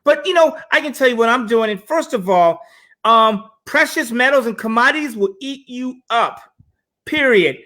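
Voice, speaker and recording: Man co-hosting casual panel talk, animated storyteller, bright forceful voice, talks straight to viewers. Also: extremely high pitch, normal speed. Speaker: co-host.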